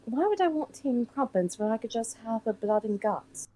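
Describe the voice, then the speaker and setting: A woman's voice: on the high side, animated, normal speed, warm tone, low-quality recording. A woman who works as a voice actress, guesting on a livestream, chatting casually and playfully with many ums over remote voice chat.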